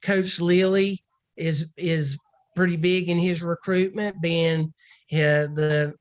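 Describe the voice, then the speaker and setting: A woman's voice: lowish voice, fairly even intonation, takes it slowly, no room sound. A woman football recruiting analyst in a casual podcast discussion, rambling and thinking aloud.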